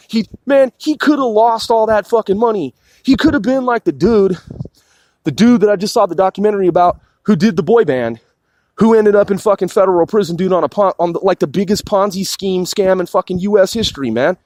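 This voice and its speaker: A man's voice: high-pitched, darkish tone, no echo. A man on a heated political rant, swearing constantly, repeating and restarting his sentences.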